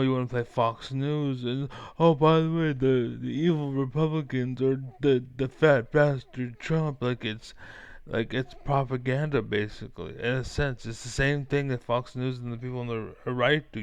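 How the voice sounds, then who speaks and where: A man's voice: mid-range voice, creaky, clean tone, dry recording. A man streaming a heated, profane reaction rant, talking back to a clip. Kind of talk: ranting reaction commentary.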